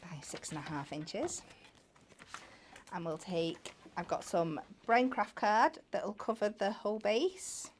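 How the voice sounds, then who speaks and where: A woman's voice: mid-range voice, takes it slowly. Woman chatting thru a card craft demo, mid voice, bit of hiss. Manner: chatty, explaining step by step. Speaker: craft demonstrator. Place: TV craft studio.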